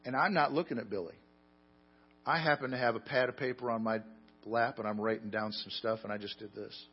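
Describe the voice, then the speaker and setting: A man preaching a sermon, telling stories with self-deprecating humor and swinging between loud emphasis and quiet asides. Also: mid-range voice, fairly even intonation, brisk, slightly rough, highs cut off, soft background music. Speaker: pastor.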